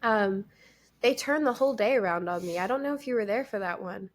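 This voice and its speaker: A young adult woman co-hosting a podcast and chatting candidly, telling animated stories with bursts of laughter. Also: medium pitch, fairly quick. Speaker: podcast co-host and streamer. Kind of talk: casual podcast chat.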